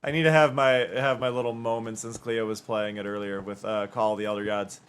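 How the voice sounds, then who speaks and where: A man's voice: fairly low pitch, level tone, a little fast, clean tone. A man streaming live and chatting casually, rambling and chatty, with hums and half-sung bits.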